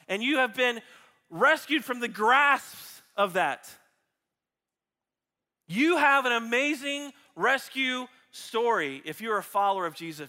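A man preaching a sermon to his church, animated and jokey, acting out his illustrations for the congregation. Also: very high voice. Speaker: pastor. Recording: reverberant hall.

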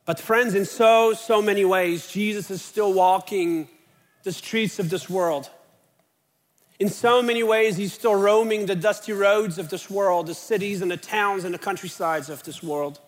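High-voiced male pastor in a church hall. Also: measured pace. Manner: earnest preaching, rising emphatically on key questions. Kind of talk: sermon. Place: church sanctuary. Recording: long reverb of a church hall.

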